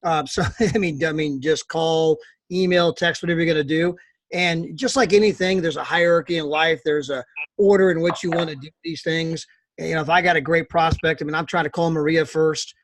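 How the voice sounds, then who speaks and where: A man's voice: fairly high pitch, fairly even intonation, fairly bright tone, dry recording. An American man presenting on a video call, talking in an upbeat, joking way and often repeating himself. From United States. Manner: fast, upbeat, joking, repetitive. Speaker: guest presenter on a team call. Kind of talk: casual online meeting talk.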